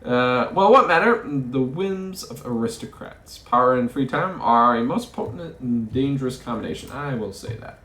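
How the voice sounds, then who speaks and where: A man's voice: medium pitch, animated, moderate pace, hardly any pauses, a bit bright, echoey room. A man playing a story game, reading its text aloud and musing over his choices, often stumbling over words. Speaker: let's play host.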